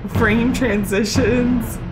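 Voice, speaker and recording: A woman's voice: fairly high pitch, very slow. A young woman reacting live to an anime episode, exclaiming and gasping as she watches. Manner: excitable, frequent gasps and exclamations. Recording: loud show soundtrack playing under her voice. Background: anime episode music and dialogue.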